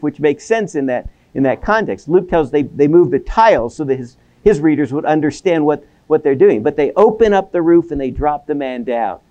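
A man giving an academic seminary lecture, animated, acting out quoted voices and often repeating words as he goes. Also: fairly high pitch. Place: lecture hall.

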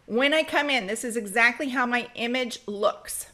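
A woman hosting a screen-recorded crafting software tutorial, chatty and practical, speeding up when she gets excited. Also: a little high, normal speed. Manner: practical, direct advice.

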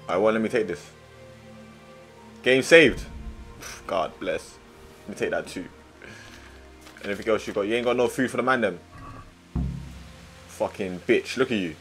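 A young man giving excitable, slang-heavy let's-play commentary, swinging between muttering and loud outbursts. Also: on the low side, normal speed, pauses often, faint music behind. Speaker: gaming streamer.

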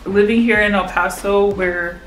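A woman's voice: mid-range voice, steady tone, measured pace, fairly bright tone, faint music behind. A young woman vlogging casually, chatty and giggly with lots of fillers. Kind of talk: casual vlog chat. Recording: roomy echo.

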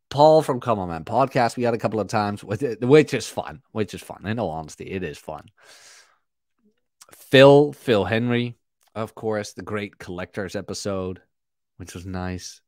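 Man rambling on his stream to chat, lowish voice, dry close sound. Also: measured pace, a little mellow, dry recording. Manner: rambling, reads and answers chat comments. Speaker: podcast host. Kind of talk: casual livestream chat.

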